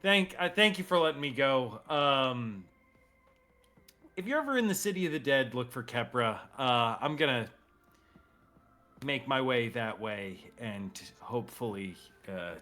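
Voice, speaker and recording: A man's voice: mid-range voice, lively intonation, unhurried, bright, forceful tone, faint music behind. A man voicing a hapless, nervous male prisoner who stammers and rambles after being set free. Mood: relieved.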